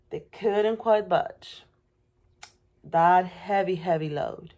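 Slow, expressive woman reading a picture book. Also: lowish voice. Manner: expressive, with playful animal and truck sounds. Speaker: preschool teacher. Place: at home.

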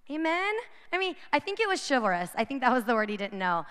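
This conference speaker has a high, sing-song voice that's clear, resonant, and a bit bright, and she talks quickly. Speaking to young women in a large hall with long reverb, she keeps her inspirational message chatty, checking in with listeners directly and often asking "right?".

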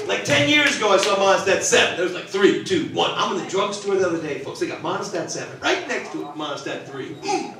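An older man doing a stand-up comedy set, punchy and mock-indignant, now and then rising to a shout. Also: sits high, big pitch swings, brisk, over a noisy crowd, heavy background noise. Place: large theater stage. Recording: echoey theater from a distance. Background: laughing audience.

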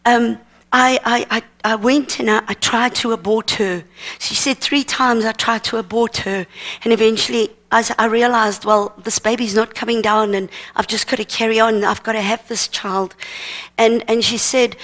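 A woman preaches at a seminar, telling a story earnestly and acting out the dialogue. Her voice sits a little high for a woman. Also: fairly bright tone. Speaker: minister teaching at a seminar. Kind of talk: sermon testimony storytelling.

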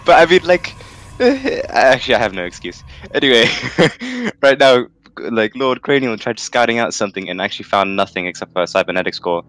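A man's voice: mid-range voice, very animated, fairly quick, fairly bright tone, no room sound. A man from London, casting a game tournament in a rambling, jokey way and laughing often. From London, England. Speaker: tournament caster. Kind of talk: casual game commentary.

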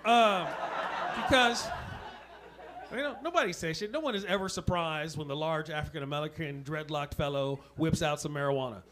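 A man's voice: on the high side, quick pace, hardly any pauses, fairly bright tone. A man performing stand-up comedy with punchy, profane delivery, laughing at his own lines. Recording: noisy live recording.

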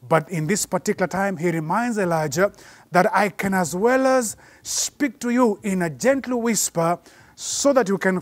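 A man preaching a sermon, slowing down and rising in force to repeat his points. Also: sits high, dry recording. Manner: measured preaching, slows and rises for emphasis.

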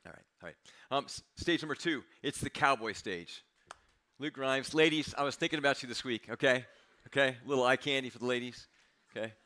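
A man's voice: mid-range voice, brisk, pushed and bright. A middle-aged American man preaching a sermon as pastor, conversational and confessional, sometimes dropping to a near-whisper.

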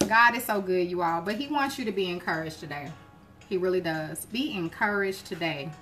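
A woman hosting a live cooking stream, chatting casually with her viewers and breaking into joyful shouts of praise. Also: fairly low pitch, normal speed. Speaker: cooking show host. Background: gospel music playing.

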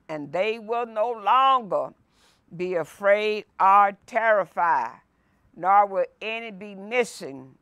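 A woman pastor leading a Bible lesson, reading scripture aloud and preaching with slow emphasis and repetition. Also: mid-range voice, a bit bright, no room sound. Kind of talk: sermon-style Bible lesson. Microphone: no mic, by her own words.

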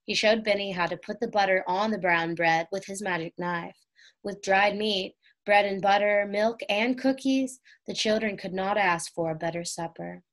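A woman reading a children's chapter book aloud in a gentle, unhurried way. Her voice sits at an ordinary middle pitch, calm and clear for young listeners. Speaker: audiobook reader.

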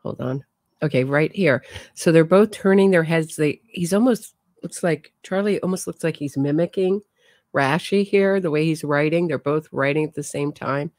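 A woman's voice: low-pitched, moderate pace, a little mellow, dry recording, studio quality. A woman hosting a true crime show, casually commenting and thinking aloud as she talks to her viewers.

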